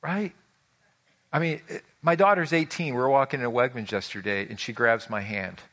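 A man in his forties, a pastor, preaching a conversational sermon and acting out the people in his stories, moving from loud to hushed. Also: medium pitch, normal speed. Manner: acts out quoted voices in his stories.

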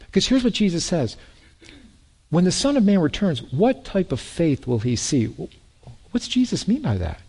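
Playful, high-voiced man preaching. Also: moderate pace, husky. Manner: lively, joking asides, repeats words. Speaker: pastor. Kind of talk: sermon.

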